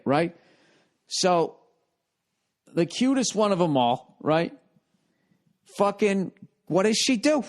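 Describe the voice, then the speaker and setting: A comedian in his forties, from the United States, tells a rambling story on his podcast. His voice sits a little high for a man. He swears constantly and sounds exasperated, like a casual comedic rant. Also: sing-song, slow pace, pauses often. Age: 40s.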